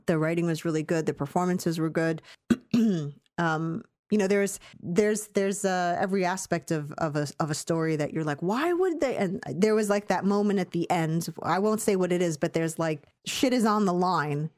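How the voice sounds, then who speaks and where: A woman co-hosting a podcast, chatting casually about a film in a rambling, hesitant way that turns animated when she has strong opinions. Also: lowish voice, moderate pace. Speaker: podcast co-host reviewing a film. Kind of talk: casual chat.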